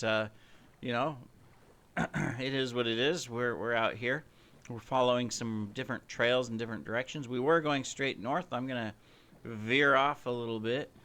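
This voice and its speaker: A man's voice: on the low side, bright, forceful tone. A man hosting his own gameplay channel, rambling casually with playful, self-mocking boasts about his show. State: slightly out of breath, coughing. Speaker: gaming channel host.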